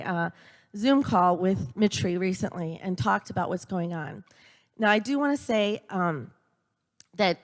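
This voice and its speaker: Speaking at a university church gathering, a middle-aged woman earnestly shares stories, tripping slightly over fillers and restarts. Her mid-range, medium-pitched voice trails off into the long reverb of the church.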